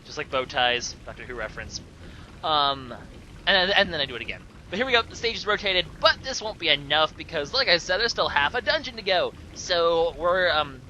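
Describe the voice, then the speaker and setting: A man's voice: on the high side, bright, forceful tone, slight background noise. A young man casually commenting over gameplay, rambling with sarcastic asides and plenty of fillers. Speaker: let's play commentator.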